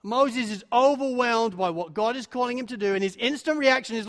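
A man preaching a sermon, acting out the voices of biblical figures, dropping to a hush and then building to loud, dramatic peaks. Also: very high voice, fairly quick, few pauses. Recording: long hall reverb.

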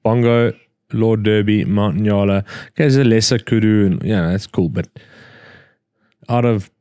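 A man's voice: lowish voice, fairly even intonation, moderate pace, warm tone, clear, resonant tone, no echo, clean studio sound. A man, a safari hunting outfitter, talking bluntly and joking in a casual chat.

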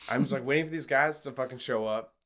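A man's voice: medium pitch, fast, fairly bright tone. A young man co-hosting a podcast, telling a story in casual chat, swearing often and laughing as he goes. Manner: swears a lot, laughs while telling stories. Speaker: podcast co-host.

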